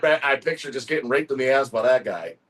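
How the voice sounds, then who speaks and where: A man's voice: medium pitch, fast talker, a bit bright. A man chatting casually on a podcast, telling rambling, profane stories and acting out what people said. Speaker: podcast co-host. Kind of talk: casual chat.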